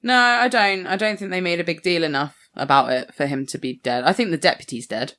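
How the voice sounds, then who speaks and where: Woman, very low voice, chatty, laughs a lot, casual swearing. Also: brisk, a bit bright. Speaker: podcast co-host. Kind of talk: casual chat.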